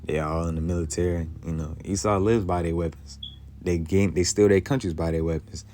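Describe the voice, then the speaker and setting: A man teaching from the Bible, reading old scripture slowly and then explaining it in loose, casual, emphatic speech. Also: sits low, fairly even intonation, dark tone, a little hiss or hum. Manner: heated, emphatic commentary.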